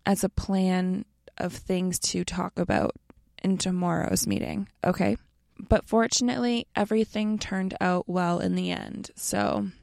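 A young American woman explains a lesson in a slow, relaxed and friendly way. Her voice has a strong gravelly fry and a mellow, warm tone. The recording is close and dry. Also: mid-range voice, dry recording. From North America. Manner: slow, relaxed and friendly, addresses listeners as you guys. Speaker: language teacher.

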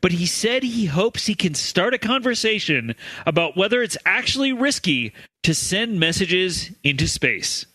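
A man's voice: high-pitched, sing-song, normal speed, pushed and bright, no echo. A man co-hosting a comedy podcast, reading news stories aloud and laughing at his co-hosts' jokes. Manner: reads stories aloud, laughs often, corrects others. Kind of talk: scripted news reading with banter.

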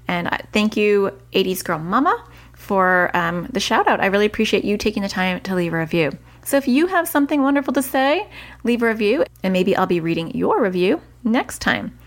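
A woman's voice: mid-range voice, very animated, a little fast. A woman hosting a solo parenting podcast, giving earnest advice in a chatty way and correcting herself as she goes. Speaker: parenting coach and podcast host.

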